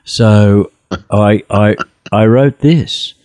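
A man's voice: fairly low pitch, very slow, a little mellow, no echo, clean studio sound. A man co-hosting a casual Bible study, trading playful, joking banter.

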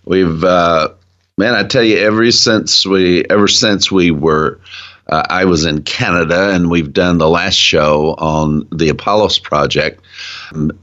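A man's voice: deep voice, steady tone, unhurried, a bit bright, highs cut off. A man, a ministry founder, talking as a guest in an earnest, enthusiastic casual Bible discussion.

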